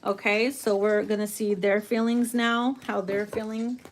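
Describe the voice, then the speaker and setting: A woman giving a casual tarot reading, brash and profane, theatrical and quick to laugh. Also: mid-range voice, flat delivery, slight background noise. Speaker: tarot reader.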